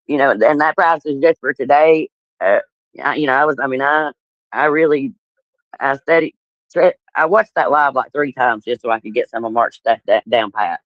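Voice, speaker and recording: A man's voice: mid-range voice, normal speed, dry recording. A man chatting as a guest on a livestream, rambling and stumbling over his words, laughing easily and swearing. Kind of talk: casual livestream chat. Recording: dull lo-fi stream audio.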